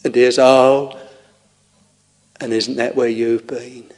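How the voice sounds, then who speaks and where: A man preaching a sermon, tenderly addressing his listeners in a slow, intoning way. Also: medium pitch, flat delivery, a little mellow. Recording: long reverb of a large hall.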